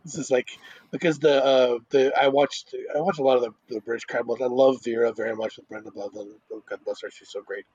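رجل يتحدث في دردشة عفوية بأسلوب متشعب ومتقطع، يعيد بدايات جمله، بصوت أجش في تسجيل جاف ومكتوم. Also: male voice, medium pitch, fairly even intonation, a little mellow, breathy edge, no echo, highs cut off. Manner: rambling, halting restarts. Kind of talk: casual chat.

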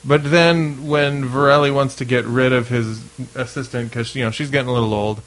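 A man's voice: medium pitch, steady tone, normal speed, fairly bright tone. A man co-hosting a casual podcast chat, wry and sarcastic, slipping into mocking quotes. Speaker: podcast co-host.

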